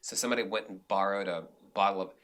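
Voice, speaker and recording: A man talks as a podcast guest, telling stories in an animated, rambling way full of restarts. His voice sits somewhat low but comes through bright and forceful. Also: fast talker, a little hiss or hum. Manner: animated storyteller, many restarts and "like"s. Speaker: guest, director and actor. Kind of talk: casual interview storytelling.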